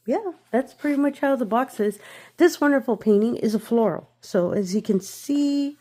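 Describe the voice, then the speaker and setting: A woman's voice: mid-range voice, warm tone. A woman hosting a craft channel, talking casually through an unboxing while congested from a cold and giggling often between remarks.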